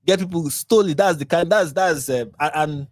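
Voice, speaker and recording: A man's voice: on the high side, a little fast, no echo. Sarcastic Nigerian man, dry close sound. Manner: sarcastic, mocking; rambling with restarts and repeats. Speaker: channel host. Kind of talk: live commentary reacting to posts.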